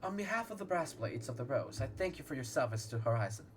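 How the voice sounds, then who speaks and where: A man's voice: medium pitch, very animated, quick pace, close to an everyday voice. A man voicing a stiff, formal guard officer, reading game dialogue aloud. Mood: apologetic. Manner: formal and apologetic.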